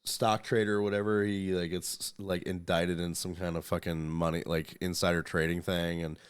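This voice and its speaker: A man's voice: sits low, little pitch movement, normal speed, clear, resonant tone. A man hosting a podcast in casual chat, rambling, swearing freely and reading articles aloud. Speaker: podcast host.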